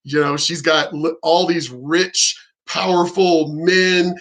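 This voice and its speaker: A man's voice: on the high side, steady tone, slow pace, fairly bright tone. A middle-aged man vlogging, telling a frank, profane and rambling story about his sex life. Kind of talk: candid storytelling monologue.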